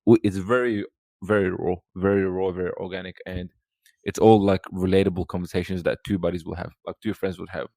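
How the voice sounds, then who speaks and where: A podcast guest, talking casually and rambling with lots of fillers and restarts. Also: male voice, low voice, steady tone, fairly quick, warm tone, dry recording. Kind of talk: casual chat.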